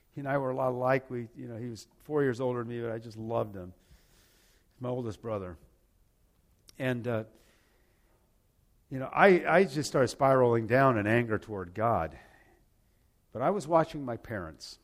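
Older man, earnest storyteller, plain mid-pitched voice, halting delivery. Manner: earnest, halting retelling with repeated words. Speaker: personal testimony speaker. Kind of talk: personal storytelling.

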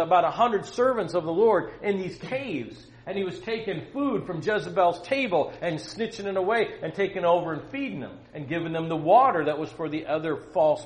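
Man, Bible teacher, animated storyteller, slightly high voice, roomy echo. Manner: animated storytelling, rhetorical questions. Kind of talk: teaching a Bible lesson to young students. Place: room with students.

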